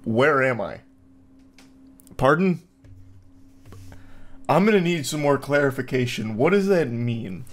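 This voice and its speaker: A man giving reaction commentary in a sarcastic, incredulous tone, often jumping into exaggerated high quips. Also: expressive, unhurried, pauses often. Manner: sarcastic, incredulous, mock-puzzled. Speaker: online commentator.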